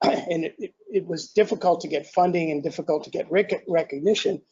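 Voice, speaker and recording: An older man giving an invited academic lecture in a relaxed, self-deprecating way, often clearing his throat and restarting sentences. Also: a little high, a little fast. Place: lecture hall. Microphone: handheld or podium mic. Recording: dull lo-fi lecture recording.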